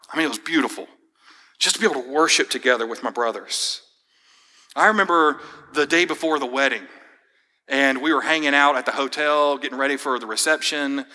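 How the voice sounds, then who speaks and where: Young male pastor, conversational storyteller, tense bright tone, long hall echo. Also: on the high side. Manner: casual, storytelling, fillers like man and dude. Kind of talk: sermon with personal story.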